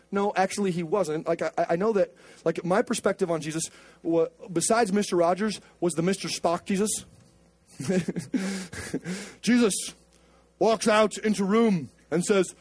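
A male pastor preaching loosely, joking and slangy. His voice is fairly high, and the recording is dry with little room sound. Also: fairly quick, a little mellow, husky, no room sound. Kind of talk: casual preaching.

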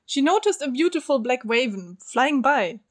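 A woman's voice: high voice, very animated, moderate pace. A woman reading a story aloud with friends as narrator, chatty and giggly, stopping for jokes. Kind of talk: casual read-aloud with friends.

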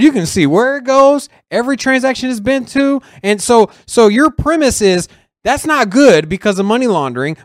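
A man co-hosting a podcast in casual chat, animated and acting out other people's lines as he tells a story. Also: high voice, no echo, clean studio sound. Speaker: podcast co-host.

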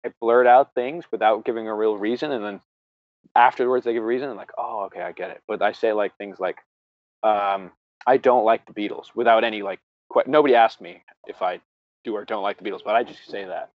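Low voiced dude chatting loosely, lotsa "like"s, dead dry muffled mic. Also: male voice, fairly quick, dry recording. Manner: filler-heavy, laughs often. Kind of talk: casual chat. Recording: dry, dull lo-fi audio.

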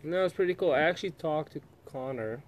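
A man's voice: a little high, fast talker, slight background noise, poor audio. A man co-hosting a casual chat podcast, telling rambling stories full of swearing and laughs. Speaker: podcast co-host.

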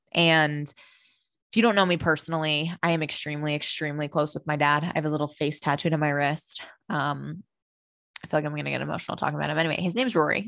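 A woman's voice: low-pitched, vocal fry, fairly bright tone, no room sound, studio quality. A young adult woman, a personal growth coach, talking through her thoughts in an earnest, rambling monologue with casual swearing.

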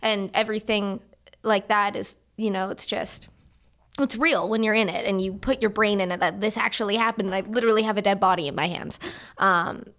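Woman, twenties, actor guest, casual podcast chat, animated. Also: medium pitch, brisk. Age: 20s. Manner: animated, acts out quoted voices.

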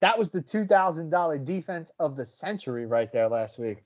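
A man's voice: a little high, expressive, moderate pace, lo-fi sound. A man hosting a sports betting podcast in casual, brash chat, swearing freely as he talks picks.

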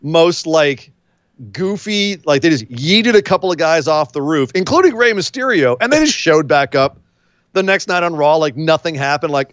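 A man co-hosting a casual wrestling predictions chat, rambling and animated, full of jokes and quick asides. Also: fairly high pitch, dry recording, muffled recording. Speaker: podcast co-host.

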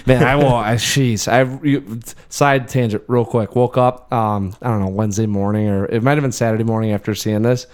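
A man's voice: lowish voice, fairly even intonation, a little fast, few pauses, a little mellow, smooth. A man in his thirties co-hosting a casual movie podcast, swearing freely and telling stories with quoted voices. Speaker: podcast co-host. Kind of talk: casual film chat.

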